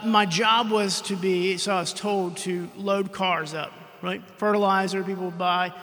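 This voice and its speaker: A man preaching with a high, bright voice that keeps slipping into a creaky fry. He tells a long personal story, acting out the back-and-forth and clearing his throat now and then. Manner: storytelling, acts out quoted exchanges, frequent throat clearing. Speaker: pastor.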